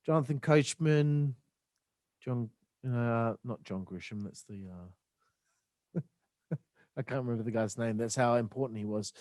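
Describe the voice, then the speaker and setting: A man's voice: medium pitch, a little slow, pauses often, a little mellow, dry recording, clean studio sound. A man hosting a casual podcast, rambling and searching for his words. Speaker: podcast host.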